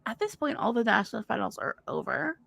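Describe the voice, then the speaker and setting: Bright, gravelly-voiced woman co-hosting a stream. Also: a little high, lively intonation, dry recording. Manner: rambling, chatty, apologetic, quick laughs. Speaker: livestream co-host. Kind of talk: casual livestream chat.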